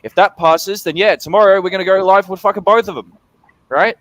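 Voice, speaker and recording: A man's voice: sits high, brisk, fairly bright tone. A man with an Australian accent chatting casually on a call, blunt and swearing freely as he explains project updates. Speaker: crypto project developer. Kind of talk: casual video call chat.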